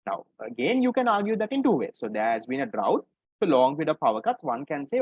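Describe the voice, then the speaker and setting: A Sri Lankan economics tutor teaches an online exam-paper class, explaining step by step and often checking in with "right?". His voice is fairly high and husky, with big pitch swings and a quick pace. The recording is dry, dull and lo-fi.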